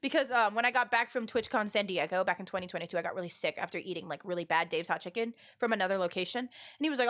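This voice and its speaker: A young woman streaming live, telling rambling stories to her chat in a loud, animated way with lots of fillers. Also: medium pitch, racing, few pauses. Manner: loud and expressive. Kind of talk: casual storytelling to a live chat.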